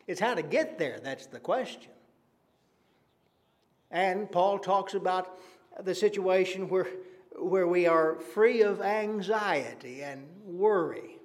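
A man's voice: high voice, animated, takes it slowly. Earnest conversational male preacher. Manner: earnest and conversational, rhetorical questions, frequent "uh" fillers. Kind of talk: evening sermon.

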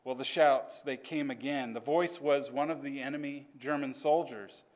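A man telling a story to a class in an earnest, measured way. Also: mid-range voice, fairly even intonation, darkish tone.

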